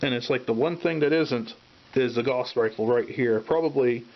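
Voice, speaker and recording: A man's voice: mid-range voice, moderate pace. Laid-back man talking through a painting tutorial. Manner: relaxed, talks while working, trails off. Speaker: miniature painting host. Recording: dull lo-fi sound with faint hiss.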